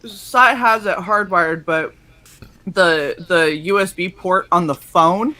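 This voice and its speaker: A co-host of a casual live stream, chatty and quick to laugh while telling stories. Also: mid-range voice, sharp tone, poor audio. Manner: laughs often, chatty storytelling. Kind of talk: casual chat.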